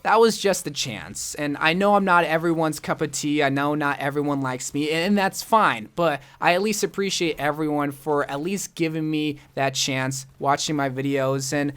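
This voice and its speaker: A man's voice: fairly high pitch, moderate pace, few pauses, fairly bright tone, clear, resonant tone. A young man, a gaming YouTuber, telling a personal story in his vlog, earnest and self-deprecating.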